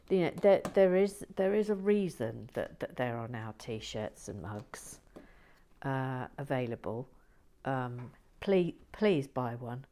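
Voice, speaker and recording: A woman hosting a relaxed building video, rambling and self-mocking, often dropping to a whisper as she works. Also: sits low, takes it slowly. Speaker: host of a building channel.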